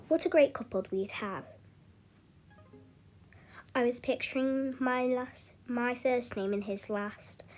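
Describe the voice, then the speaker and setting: A woman's voice: fairly high pitch, a little mellow. A young woman casually narrating a storytime, chatty and loose, often restarting with "anyway, so".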